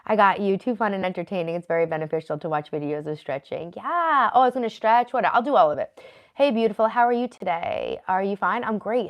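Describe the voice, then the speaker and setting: A woman in her thirties streaming live from her home office, chatting casually and earnestly with viewers and thanking them by name. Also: mid-range voice. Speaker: live streamer reading chat. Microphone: computer at her desk.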